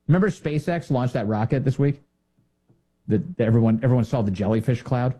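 A man delivers sarcastic political commentary, mocking and animated. His voice is mellow and dark, with a husky edge. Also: mid-range voice, fairly quick. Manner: mocking, animated, mimics others in silly voices. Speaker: commentary show host.

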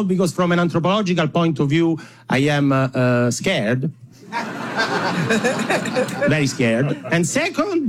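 Italian man doing lively stand-up. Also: sits high, slight background noise. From Italy. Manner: playful, self-mocking, laughing between lines, hesitant fillers. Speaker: stand-up comedian. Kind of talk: stand-up comedy set. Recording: live show with audience laughter. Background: crowd laughing.

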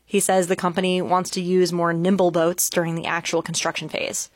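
A man reading a scripted radio news report in a measured, even way from a studio. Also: high voice, no echo. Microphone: studio microphone.

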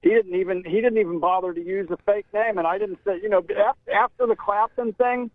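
A laid-back man calls in to a radio show, friendly and easy, his voice fairly high. He comes through a thin, tinny phone line. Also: brisk, no room sound. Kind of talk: casual call-in chat.

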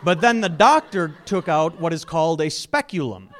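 A man doing a stand-up set, telling an animated story and breaking into mock shouts. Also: a little high, moderate pace. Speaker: stand-up comedian.

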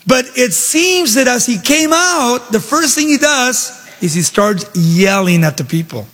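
A man preaching a sermon, with animated, sing-song emphasis and dramatic storytelling, in a church hall. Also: extremely high pitch, unhurried, few pauses. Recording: long reverb of a large hall.

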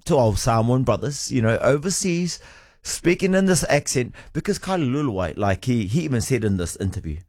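A man's voice: mid-range voice, very animated, brisk, a little mellow, no room sound, studio quality. A man hosting a radio show, bantering casually and joking in a playful way. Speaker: radio host.

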